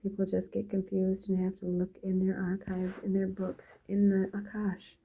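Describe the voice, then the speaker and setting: A woman's voice: mid-range voice, monotone, normal speed, dark tone, husky, rough recording. A woman talking in a loose, free-associating spiritual monologue, drifting from thought to thought.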